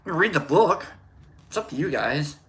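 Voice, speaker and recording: A man's voice: fairly high pitch, very animated, moderate pace, fairly bright tone, a little hiss or hum. A man hosting a casual livestream, rambling and joking while greeting viewers by name. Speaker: livestream host.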